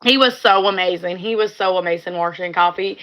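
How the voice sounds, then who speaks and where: Bright-voiced woman chatting on a livestream. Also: lowish voice, fairly quick, poor audio. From California. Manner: heartfelt, rambling, repeats phrases. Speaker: livestream host. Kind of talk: casual livestream chat.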